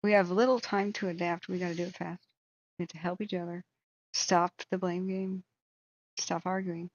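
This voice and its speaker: A woman's voice: on the low side, little pitch movement, moderate pace, highs cut off. A woman who hosts a wildfire tracking channel, giving a blunt, heated commentary rant with swearing.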